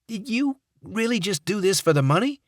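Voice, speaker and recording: A man's voice: high voice, sing-song, moderate pace, no echo, clean studio sound, pitched above the performer's own voice. A man voicing a stunned, wary partner on a covert team who questions everything in disbelief. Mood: incredulous. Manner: incredulous, questioning.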